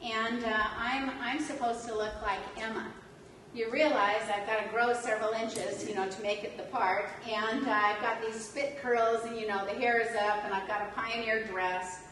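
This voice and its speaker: Animated woman lecturer in an echoing hall. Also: a little high, moderate pace, a little hiss or hum. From California. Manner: animated, laughs often, self-mocking humor. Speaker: religion instructor. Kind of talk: storytelling lecture. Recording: echoey hall taped from far off.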